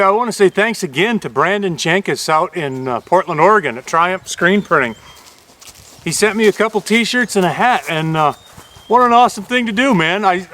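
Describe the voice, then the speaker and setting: Reviewing a newly acquired axe for his YouTube vlog, a man from Upper Michigan chats in a folksy, plain-spoken way. He has a high, fairly bright voice.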